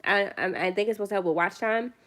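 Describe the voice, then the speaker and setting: A woman's voice: medium pitch, quick pace, fairly bright tone. A young woman chatting casually on her first phone livestream, tired late at night, rambling and self-deprecating.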